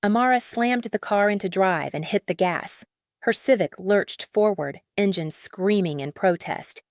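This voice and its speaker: A woman narrating a dramatic story in an even, matter-of-fact read on a close mic. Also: medium pitch, measured pace, no echo.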